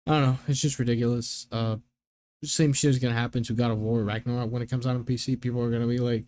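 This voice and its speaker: A man's voice: medium pitch, level tone, quick pace, a little mellow, no room sound. A young man in casual chat as a gaming streamer, rambling through exasperated rants full of filler words.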